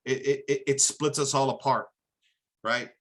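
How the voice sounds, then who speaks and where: A man's voice: medium pitch, steady tone, moderate pace, rough recording. A man from America hosting a live commentary monologue, emphatic and preachy, often tossing in "right?". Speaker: host.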